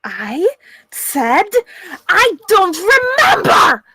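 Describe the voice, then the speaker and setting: A woman game master voicing an evasive, panicky woman witness in a tabletop game. She keeps denying and breaks into shouts. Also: sits high, takes it slowly, husky, no echo, full character voice, rough recording.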